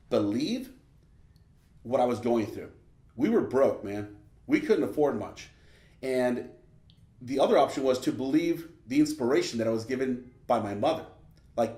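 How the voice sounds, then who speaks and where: A man's voice: mid-range voice, a little mellow. Casual motivational man, roomy echo. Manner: casual, says "man" often, acts out quoted voices. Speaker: business coach. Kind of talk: motivational storytelling.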